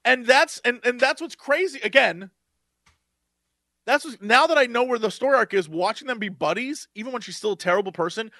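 A man's voice: very high-pitched, a little fast, bright, forceful tone, no room sound, clean studio sound. A man co-hosting a podcast in casual chat, complaining emphatically and with animation. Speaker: podcast co-host.

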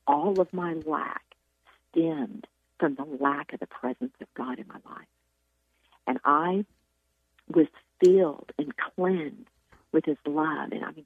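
A woman's voice: sits low, creaky, slightly rough, no echo. A woman telling her near-death testimony in an earnest, intense way, sometimes dropping to a whisper. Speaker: guest sharing a testimony. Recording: tinny phone-like line, dry.

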